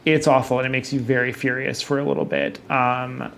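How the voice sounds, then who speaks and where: A man runs a tabletop game, his voice gravelly and sitting at an ordinary middle pitch. He narrates in halting stretches full of fillers and restarts, over a faint bed of background noise. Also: level tone, a bit bright. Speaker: game master.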